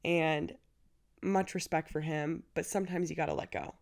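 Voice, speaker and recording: A woman's voice: low-pitched, steady tone, moderate pace, darkish tone. A woman in her twenties hosting her own show, telling a personal story in a candid, chatty, emotional way, with many "like"s and "you know"s. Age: 20s. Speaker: podcast host.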